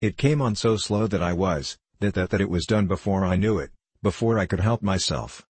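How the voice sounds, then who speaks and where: A man voicing a huge, slow-witted man who stammers and repeats himself helplessly in a storybook reading. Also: fairly low pitch, very animated, a little mellow, breathy edge, no echo, heavily acted. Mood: pleading.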